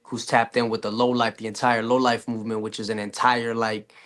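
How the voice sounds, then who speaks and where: A man's voice: medium pitch, flat delivery, a little fast, fairly bright tone. A man, a rapper guest, chatting casually in an interview, loose and full of fillers. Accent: Canadian English. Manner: laid-back, loose with fillers.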